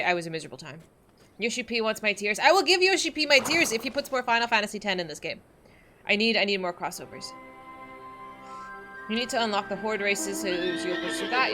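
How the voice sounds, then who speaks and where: A woman's voice: medium pitch, pushed and bright. A woman streaming a game, chatting casually and giggling with her viewers. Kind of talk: casual live-stream chat.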